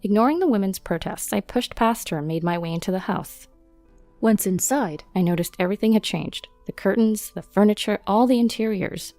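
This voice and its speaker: A woman narrating her own story in the first person in a steady, matter-of-fact way. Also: mid-range voice, brisk, no echo, faint music behind.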